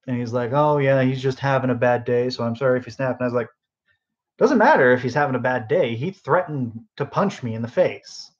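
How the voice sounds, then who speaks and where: A tired young man at medium pitch narrates a work story for his podcast, meandering with plenty of fillers and side comments. His phone sits on the bedroom end table, and the recording comes out lo-fi.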